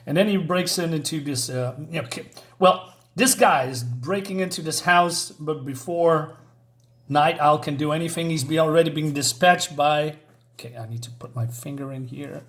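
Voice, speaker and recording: Man, fairly high voice, hesitant, fillers, casual comic review. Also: normal speed. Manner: hesitant, many fillers, chuckling asides.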